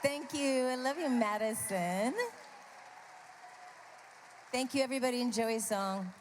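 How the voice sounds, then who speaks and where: A woman singer speaking warm, brief thanks to the crowd on a live stage. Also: fairly high pitch, measured pace, noisy background. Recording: loud guitar music behind.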